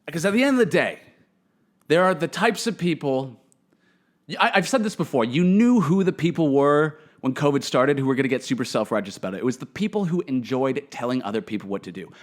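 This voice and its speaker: A man's voice: on the high side, lively intonation, a little fast. A man hosting his own comedy podcast alone, delivering a profane, opinionated monologue into a podcast microphone. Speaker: podcast host.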